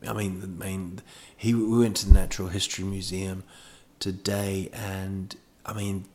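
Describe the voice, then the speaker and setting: A man's voice: sits low, level tone, measured pace, mellow. A man hosting a podcast, telling a rambling comic monologue full of digressions and self-mocking asides. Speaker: podcast host.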